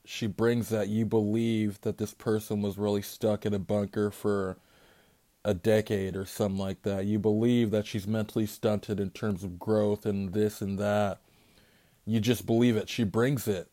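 A man's voice: fairly low pitch, a little mellow. A man, a parent, hosting a solo podcast in a candid, rambling, heavily profane monologue. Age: adult parent. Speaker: podcast host.

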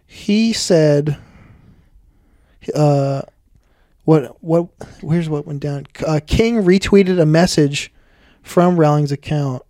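A man's voice: fairly high pitch, takes it slowly, long pauses, dark tone, no echo. A man co-hosting a casual comedy podcast, tossing in dry wisecracks and reading news items aloud with small stumbles. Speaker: podcast co-host.

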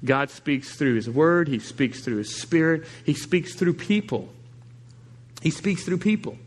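A man's voice: on the high side, animated, unhurried. Emphatic male pastor preaching. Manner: emphatic, repeats key lines, acts out quoted people. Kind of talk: sermon. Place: church service.

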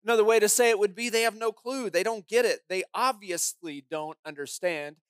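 A woman's voice: medium pitch, a little fast. A woman pastor delivers a sermon with dramatic, emphatic storytelling. She presses home her points with pointed rhetorical questions. The sound is close and dry, with no room echo.

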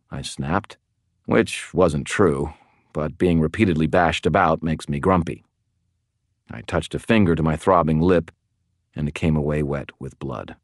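A man's voice: rumbling low, moderate pace, no echo. A man narrating a first-person novel in a dry, wry tone. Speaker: audiobook narrator.

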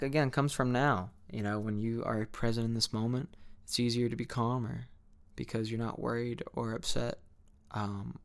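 A man's voice: on the low side, gravelly, a bit bright, smooth. A young man talking candidly to camera in a rambling, reflective vlog monologue, full of fillers and restarts. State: sleepy, yawning. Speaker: vlogger.

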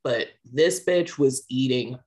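Laid-back male podcast host, slow, easy delivery, casual swearing. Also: medium pitch, a little mellow. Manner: laid-back, profane storytelling. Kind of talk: casual chat, retelling an anime.

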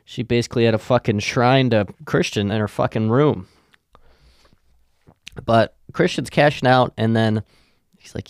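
A man's voice: medium pitch, measured pace, vocal fry, pauses often, no echo, studio quality. Profane young man telling stories on a podcast. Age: young adult. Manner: profane, rambling, deadpan. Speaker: podcast host. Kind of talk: casual storytelling.

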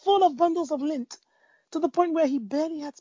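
A woman speaking about faith in a conversation, telling a parable with lively storytelling, fillers and restarts. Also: high voice, brisk, no room sound, lo-fi sound. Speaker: Christian speaker. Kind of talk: preaching in a conversation.

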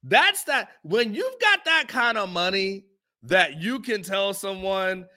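A man's voice: sits high, expressive, slow pace, sharp tone. A man hosting a live podcast, telling a story in loose slangy chat and chuckling often, into his own microphone. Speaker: podcast host. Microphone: own microphone on a live stream.

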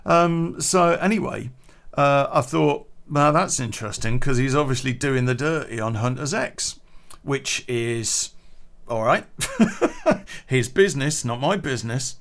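Gravelly man telling a story. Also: medium pitch, unhurried, fairly bright tone. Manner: profane, rambling, frequent restarts. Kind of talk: casual first-person anecdote.

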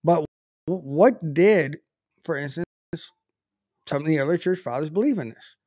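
A man's voice: a little high, moderate pace, a little mellow, no room sound, clean studio sound. A man giving an informal Bible teaching, talking conversationally with frequent restarts and self-corrections.

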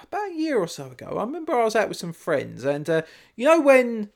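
Guy, high and animated, rambling anecdotal podcast chatter with frequent laughs. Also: fast talker, gravelly. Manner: rambling storyteller, laughs often. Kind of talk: casual chat.

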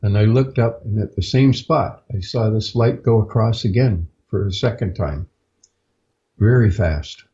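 A man, a podcast guest, recounting a personal experience in a halting, unhurried way with frequent pauses, on a dull lo-fi recording. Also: on the low side, warm tone. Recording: dull lo-fi sound.

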